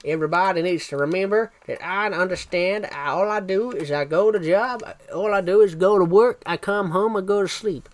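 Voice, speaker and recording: A man putting on a Texan accent, voicing a weary working man who repeats his daily routine in a drawn-out, deadpan way. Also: high voice, pitched above the performer's own voice, close to an everyday voice. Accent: put-on Texan.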